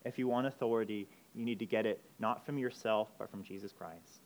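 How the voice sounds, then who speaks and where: A man preaching a sermon, emphatic, moving between urgent loud passages and quiet intense ones. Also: lowish voice, fairly even intonation, a little fast. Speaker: pastor.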